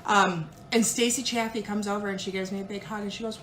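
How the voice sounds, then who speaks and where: A woman jewelry consultant telling a story in a casual, animated way, acting out the people she quotes. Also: medium pitch, quick pace, hardly any pauses, reverberant. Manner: animated, dramatic retelling with put-on quoted voices.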